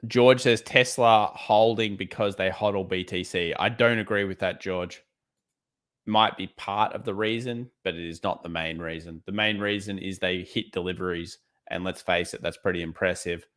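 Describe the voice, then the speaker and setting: Australian male streamer, low-ish voice, casual and blunt market talk. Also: steady tone, normal speed, fairly bright tone. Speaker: trading livestream host. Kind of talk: live market commentary reading chat.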